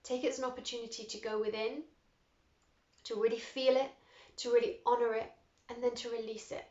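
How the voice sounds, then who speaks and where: A woman teaching a guided meditation, giving slow, soothing breathing instructions with audible sighing exhales. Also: fairly high pitch, level tone, darkish tone. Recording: roomy, slightly dull recording.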